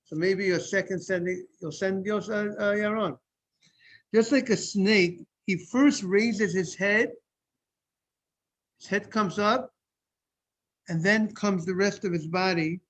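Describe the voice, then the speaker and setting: A man's voice: high-pitched, fairly even intonation, slow pace, long pauses, fairly bright tone. A man who is a rabbi, teaching a Talmud study lesson. He explains step by step, often repeats and restarts his phrases, and breaks off to greet people as they join.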